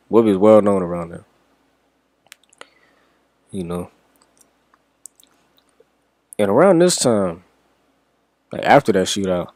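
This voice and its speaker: A man's voice: fairly low pitch, warm tone, dry recording. A young man from Washington, D.C., telling a story in a casual, rambling way with plenty of swearing. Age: young adult. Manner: rambling, profane, laid-back. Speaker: reaction vlogger.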